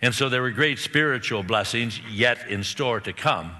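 Man preacher, animated sermon storyteller, bright forceful tone, long hall reverb. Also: mid-range voice, normal speed. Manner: animated, acts out the characters' lines.

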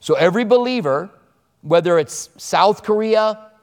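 A man's voice: high-pitched, animated, a little slow. Man preaching in a reverberant hall. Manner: conversational preaching with personal stories. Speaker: pastor. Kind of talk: sermon. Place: church service before a congregation.

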